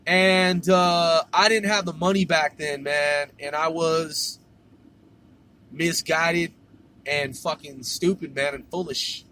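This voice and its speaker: A man's voice: fairly high pitch, fairly bright tone, slight background noise. A man telling a story casually, swearing and saying "man" at the end of his sentences. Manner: profane, drawling, says "man" constantly.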